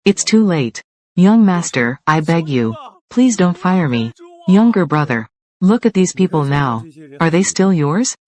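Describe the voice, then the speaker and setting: Clipped corporate rivals trading threats, mid-pitched, blunt. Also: sing-song, measured pace, a little mellow. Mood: confrontational. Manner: terse, confrontational lines. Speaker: dub voice for several characters. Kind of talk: dubbed drama dialogue.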